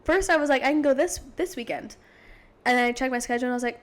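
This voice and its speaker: A young woman in her twenties co-hosting a podcast, telling stories in a giggly, animated way and acting out what people said. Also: high voice, rapid-fire. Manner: giggly, animated storytelling, acts out quotes. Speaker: podcast co-host. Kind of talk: casual chat.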